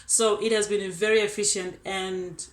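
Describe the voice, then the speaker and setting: Young South African woman, casual upbeat testimonial, mid-pitched, roomy echoey recording. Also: little pitch movement, normal speed. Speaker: exchange student. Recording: roomy echo.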